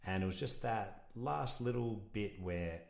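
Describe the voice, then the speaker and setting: A man's voice: on the low side, a little slow, gravelly, roomy sound. A man, a podcast guest talking earnestly and reflectively in a casual interview, rambling with restarts. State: emotional.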